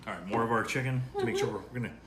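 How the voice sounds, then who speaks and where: A man's voice: mid-range voice, racing, echoey room, over a noisy crowd. A man hosting a casual cooking demonstration, bantering and mock-indignant while he explains each step. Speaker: cooking show host.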